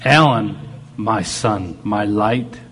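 A man's voice: lowish voice, slow pace, fairly bright tone. A man preaching a sermon. He talks animatedly and acts out God speaking in short quoted lines. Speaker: pastor.

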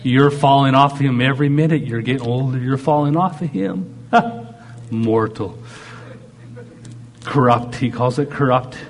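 A man's voice: medium pitch, a little slow, soft background music. A man preaching a sermon. He talks animatedly and acts out God speaking in short quoted lines. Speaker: pastor.

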